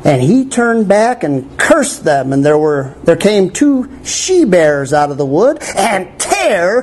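A male pastor preaching a sermon in a church, animated, with wry asides to the congregation. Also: high-pitched, slow pace, few pauses, a little hiss or hum, rough recording.

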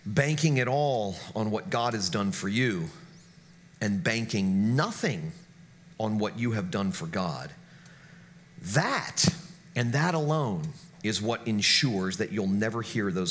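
A male pastor preaching a sermon in an earnest, emphatic manner, dropping to hushed tones and rising again. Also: lowish voice, big pitch swings, takes it slowly, a little hiss or hum.

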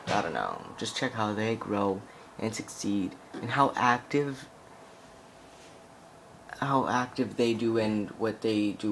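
A man's voice: on the low side, a little hiss or hum. A young man giving casual, rambling gameplay commentary full of "like" fillers and swearing as he plays. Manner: rambling, profane, heavy on "like" fillers.

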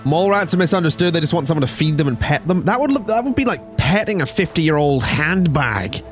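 A man's voice: a little high, sing-song, fairly quick, soft background music. A man streaming a game, rambling and joking with chat in casual gameplay commentary.

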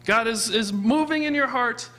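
A man's voice: extremely high pitch, moderate pace, sharp tone. A man preaching a sermon as pastor of a church, earnestly asking his congregation questions. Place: church sanctuary.

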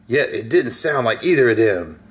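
A man's voice: mid-range voice, big pitch swings, moderate pace. A man reading a children's story aloud in a folksy way, with asides to the listener.

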